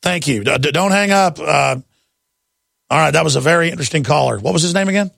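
A middle-aged man hosting a talk radio show, with a raspy, blown-out voice, talking in a wound-up, jabbering way. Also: on the high side, fast, a bit bright, no echo, studio quality. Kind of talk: fast rambling talk radio monologue.

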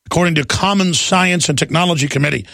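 A man hosting a talk radio show, ranting in a fast, combative way and slipping into mocking impressions. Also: a little high, gravelly, fairly bright tone, no room sound. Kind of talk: heated political talk radio monologue.

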